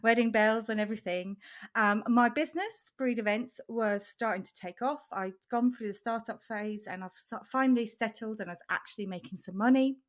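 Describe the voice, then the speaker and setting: This is a woman originally from Switzerland, co-hosting a relaxed chat podcast. She tells her story in a friendly, chatty way, breaking into laughter often. Her voice sits slightly on the high side. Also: brisk. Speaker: podcast co-host. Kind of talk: casual chat.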